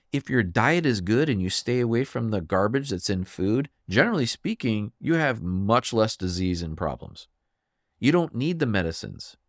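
A fired-up man rants on his own podcast, hammering his points with emphasis. His pitch leaps up and drops down with lots of life. The sound is dry and close, with no room around it. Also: no echo. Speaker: podcast host. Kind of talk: solo podcast rant.

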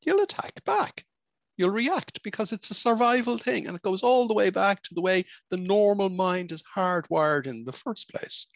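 A man's voice: high-pitched, vocal fry, no echo. A man hosting a self-help podcast, who teaches in an emphatic, repetitive, preacherly way. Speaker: podcast host.

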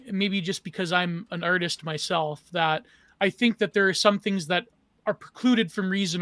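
A high-pitched man co-hosts a casual podcast discussion, rambling through his questions and groping for words. His tone is bright and forceful. The sound is dry and close. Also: dry recording. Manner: rambling, searching for words, swears. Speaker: co-host.

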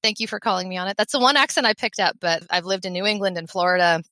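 A woman in her thirties from the Philadelphia area, a veterinary technician who is a guest on an interview podcast, talking in an upbeat, energetic way and laughing often. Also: mid-range voice, fast, no echo. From Philadelphia area, USA. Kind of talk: conversational interview.

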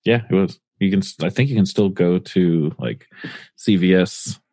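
A man's voice: low voice, normal speed, mellow, no echo. A man co-hosting a podcast, talking casually and rambling with lots of fillers and restarts. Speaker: podcast co-host.

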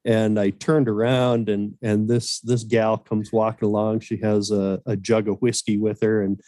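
A middle-aged man, a podcast guest, telling animated anecdotes in casual chat and laughing often, on a video call. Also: lowish voice, unhurried, no room sound, studio quality.

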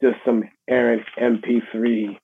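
A middle-aged man with a New York accent, a musician being interviewed, speaking in a halting, reflective way with many restarts. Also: medium pitch, level tone. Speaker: guest musician. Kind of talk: casual interview conversation. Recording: husky voice over a tinny phone line.

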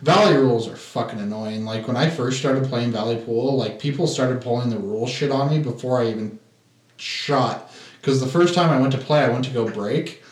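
A man's voice: medium pitch, normal speed, far from the mic. Laid-back man explaining pool rules. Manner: laid-back, explains things plainly with casual swearing. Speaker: podcast co-host. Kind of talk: casual chat. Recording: roomy, off-mic sound.

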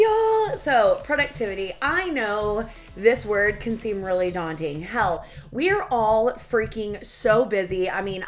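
Solo podcast host, thirties; bright, forceful delivery, casual and cussing. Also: female voice, fairly high pitch. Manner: chatty, profane, animated, Southern-tinged "y'all".

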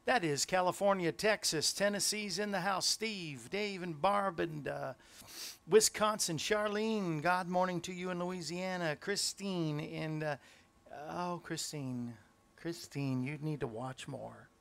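A man's voice: sits high, unhurried, vocal fry, a bit bright. A man hosting a Christian live show, chatting casually and greeting viewers by name, rambling with fillers and self-corrections. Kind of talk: casual live-stream chat.

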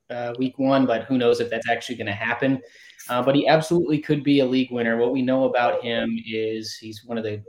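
A man appearing as a podcast guest, giving measured football opinions with frequent hedging fillers. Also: medium pitch. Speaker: guest analyst. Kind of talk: casual podcast analysis. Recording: echoey room.

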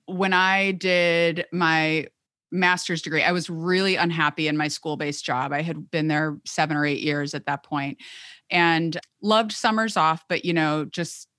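A woman's voice: low-pitched, fairly even intonation, unhurried, sharp tone, dry recording, clean studio sound. A woman in her thirties, an occupational therapist guest, talking chattily and rambling with lots of filler words. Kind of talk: conversational interview.

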